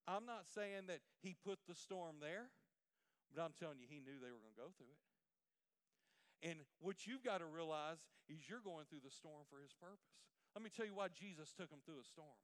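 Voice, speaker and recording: Man preaching a sermon, hushed to loud. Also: high-pitched. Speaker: pastor.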